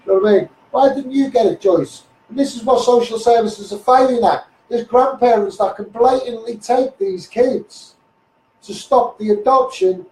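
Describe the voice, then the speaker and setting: A man's voice: very high-pitched, moderate pace, darkish tone, echoey room, far from the mic, low-quality recording. A man with a Scouse accent ranting heatedly into a live stream, repeating himself and swearing often. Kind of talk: impassioned Facebook live rant.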